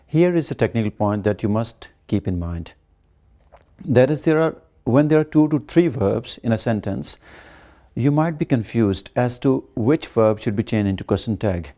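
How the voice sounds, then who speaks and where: A man giving a grammar lecture, slowly explaining and repeating examples. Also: mid-range voice, animated, mellow. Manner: explains slowly, repeats examples, demonstrates rising and falling tones. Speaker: English lecturer.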